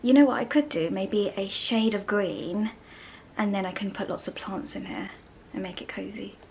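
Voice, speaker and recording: A woman chatting casually to the camera in a home vlog, rambling and soft-spoken. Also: medium pitch, fairly even intonation, normal speed, gravelly, slight background noise, poor audio. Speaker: vlogger. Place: home interior.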